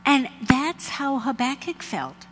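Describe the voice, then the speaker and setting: A woman's voice: high voice, big pitch swings, slow pace, a bit bright, a little hiss or hum. A woman preaching a sermon to a women's gathering, dramatically acting out prayers and dialogue with God. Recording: long hall reverb.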